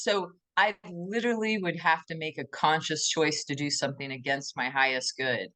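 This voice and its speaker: A woman co-hosting a podcast in casual conversation, enthusiastic and animated, often acting out little quoted voices. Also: low-pitched. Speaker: podcast co-host.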